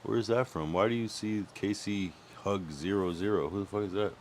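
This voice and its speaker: A young man on a livestream, chatting loosely and cursing freely as he rambles. His voice sits very low. A soft hum of room ambience runs underneath. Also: brisk. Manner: rambling, profane, thinks aloud about music. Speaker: streamer. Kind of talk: casual livestream chat.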